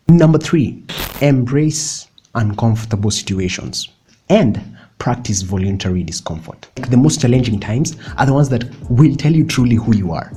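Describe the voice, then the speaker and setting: A man's voice: mid-range voice, mellow, a little hiss or hum. A young man giving chatty, playful motivational advice in a casual vlog, laughing often and dropping in slang. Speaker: vlogger.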